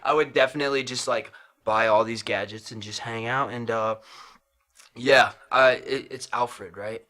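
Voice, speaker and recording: Young male co-host, bright tone, laid-back chatter. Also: mid-range voice, steady tone, normal speed. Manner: laid-back, laughing often. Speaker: podcast co-host. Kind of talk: casual chat.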